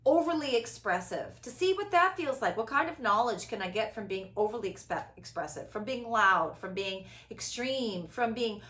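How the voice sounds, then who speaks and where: Loud, dramatic middle-aged woman, echoey room. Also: fairly high pitch, animated, moderate pace, hardly any pauses. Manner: loud, dramatic, big inflection, laughs often. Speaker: host. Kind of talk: casual conversation.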